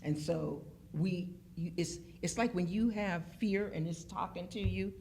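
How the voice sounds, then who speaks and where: Her voice is fairly low and unhurried, with vocal fry and slight background noise behind it. This Pittsburgh phlebotomist, a guest in a relaxed group conversation, is an emphatic, animated storyteller who performs the lines she quotes.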